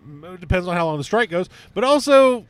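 A man co-hosting a chatty podcast, his voice sitting a bit high. He talks in an animated, jokey way and acts out little bits of dialogue as he goes. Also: rapid-fire. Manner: animated, jokey, plays out voices mid-story. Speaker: podcast co-host. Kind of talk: casual chat.

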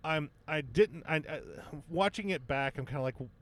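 A man co-hosting a casual movie review podcast, animated and jokey, with sarcastic asides. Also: on the high side, normal speed, slight background noise. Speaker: podcast co-host.

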